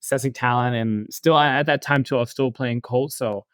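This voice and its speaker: Male podcast co-host, clear resonant tone, nostalgic and chatty, dry room. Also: medium pitch, steady tone, fairly quick, fairly bright tone, no room sound. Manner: reflective, many "like" fillers. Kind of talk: casual podcast chat.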